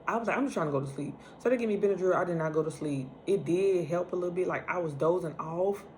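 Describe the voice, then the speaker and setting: A young woman, casually telling a personal story, animated and acting out the lines she quotes. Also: on the low side, quick pace, a little hiss or hum. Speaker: vlogger.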